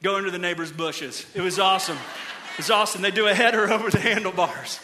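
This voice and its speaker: A middle-aged man preaches in a church with a very high, bright, forceful voice. He is animated, dropping to quiet, slow emphasis and then rising into loud, excited bursts. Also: slight background noise. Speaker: pastor. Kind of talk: sermon. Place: church auditorium.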